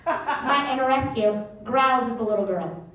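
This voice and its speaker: Woman stand-up, raised-pitch voice, brash and foul-mouthed, echoey theater sound. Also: moderate pace, a bit bright. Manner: brash, profane storytelling. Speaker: stand-up comedian. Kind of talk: stand-up comedy set. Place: live comedy theater stage. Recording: echoey theater, mic at a distance.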